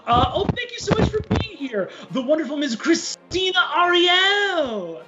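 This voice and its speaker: A man's voice: extremely high pitch, very animated, a little slow, muffled recording, music in the background. A man narrating a tabletop game as game master, telling the story in a grand, theatrical way from his home.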